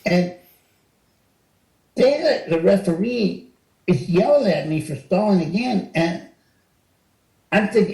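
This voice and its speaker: A man in his sixties tells stories as an interview guest, animated and quick to jump into acted-out quotes. His voice sits fairly high but sounds mellow. The recording has a roomy echo around it. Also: creaky. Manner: animated storyteller, acts out quotes with rising pitch. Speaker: interview guest, retired wrestler. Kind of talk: casual storytelling interview.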